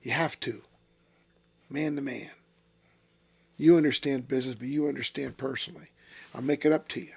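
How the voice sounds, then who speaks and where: A man in his sixties, a former racing driver as interview guest, telling blunt, profane stories that flare into shouting. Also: medium pitch, fairly even intonation, normal speed, gravelly, pauses often, slightly rough. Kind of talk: storytelling in a casual interview.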